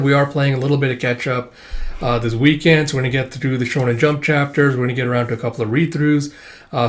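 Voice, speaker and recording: A man hosting a casual manga read-through, rambling with lots of "uh" and "like" fillers. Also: medium pitch. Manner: rambling with frequent "uh" and "like". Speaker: manga reading channel host.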